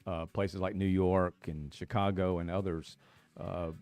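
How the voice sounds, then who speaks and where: A man's voice: sits low, little pitch movement, unhurried, a little mellow, clear, resonant tone, dry recording, soft background music. A middle-aged man, hosting a casual newspaper live stream, talking loosely with many fillers and restarts.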